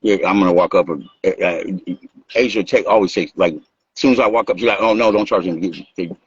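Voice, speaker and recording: A husky, fast-talking man, a dancer and music maker, tells stories as a guest in a casual interview. He is animated, acts out quotes, swears freely and laughs. His voice sits low, with no room sound, on a dull lo-fi recording.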